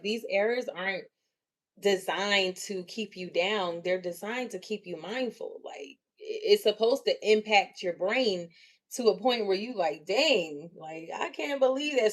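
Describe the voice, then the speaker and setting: A young adult woman hosting a live stream, talking in a chatty, encouraging way, laughing often and acting out what people say. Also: mid-range voice. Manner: chatty, animated, laughs often, acts out quotes; empathetic and encouraging. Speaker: livestream host leading a leadership meeting. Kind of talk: casual livestream talk.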